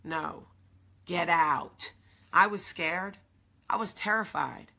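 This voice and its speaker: A woman's voice: on the low side, takes it slowly, gravelly, bright, forceful tone, slightly rough. A woman hosting a motivational coffee-talk livestream, emphatic and affectionate, repeating her key phrases to viewers. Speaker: live video host.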